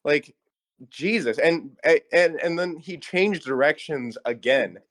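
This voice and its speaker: A young man on a podcast, telling a story in a casual, animated way with lots of "like" fillers and laughs. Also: fairly high pitch, slow, no room sound. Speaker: podcast co-host.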